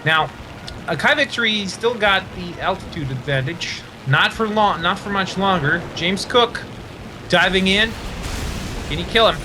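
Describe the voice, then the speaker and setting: A man commentating a live esports tournament, excitable, laughing easily and filling gaps with fillers. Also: high voice, noisy background. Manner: rapid play-by-play calls.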